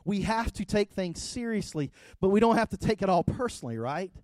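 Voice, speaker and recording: A man's voice: high-pitched, brisk, dry recording. A middle-aged man preaching a conversational sermon, telling everyday stories with frequent asides to the congregation. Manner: conversational, storytelling, rising to loud animated retelling. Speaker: pastor.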